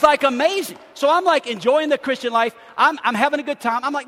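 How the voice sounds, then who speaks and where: A man preaching a sermon as pastor, telling humorous, animated stories with bursts of laughter. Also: very high-pitched, fairly quick, hardly any pauses. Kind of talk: lively sermon storytelling. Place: church sanctuary. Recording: hall reverb in a church.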